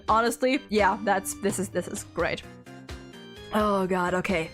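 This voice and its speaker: A woman's voice: medium pitch, expressive, slow, soft background music. A woman in her twenties commenting casually on a game she is playing, giggly and breathless, gushing with exclamations. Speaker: streamer.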